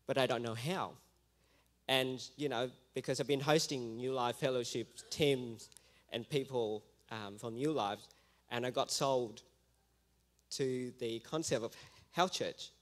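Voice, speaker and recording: A man gives a mission testimony to his church, telling it as a lively story. His voice sits at an ordinary mid pitch. He slips into the voices of the people in his story as he goes. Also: unhurried.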